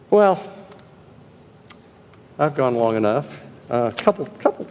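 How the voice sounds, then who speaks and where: A man's voice: medium pitch, big pitch swings, unhurried, pauses often, darkish tone, big-room sound. A man preaching a conversational sermon in a chapel, with frequent ums and uhs, who reads quotations aloud with emphasis.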